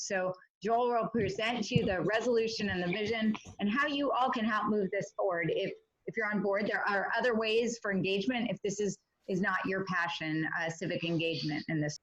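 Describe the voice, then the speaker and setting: A woman's voice: medium pitch, fairly bright tone. A woman moderating a community panel, speaking in an urgent, emphatic way. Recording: muffled lo-fi audio.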